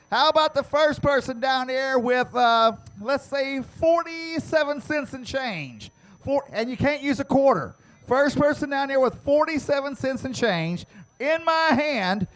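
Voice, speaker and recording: A man announcing prize giveaways to the crowd at an outdoor dirt racetrack, teasing fans and shouting to get them to answer. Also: extremely high pitch, lively intonation. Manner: loud, teasing, drawn-out shouting. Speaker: track announcer giving away prizes.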